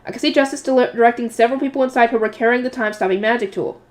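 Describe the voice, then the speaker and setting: A woman's voice: on the high side, rapid-fire. A woman with a nasal voice reading a novel aloud and breaking in with casual chatty reactions. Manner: chatty, reacts to the story between passages. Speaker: audiobook reader, channel host.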